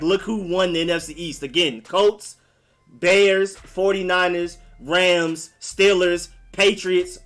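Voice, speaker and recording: A man's voice: high-pitched, bright, forceful tone. A young man from Maryland raised in Atlanta, hosting a casual live stream in a loose, slangy way and answering viewers. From born in Maryland, raised in Atlanta. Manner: loose and conversational, slangy, lots of "like" and "y'all".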